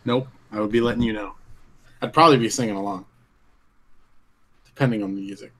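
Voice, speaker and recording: A man's voice: fairly low pitch, fairly even intonation, brisk, fairly bright tone, low-quality recording. A man co-hosting a casual gaming podcast, laid-back and joking. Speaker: podcast co-host.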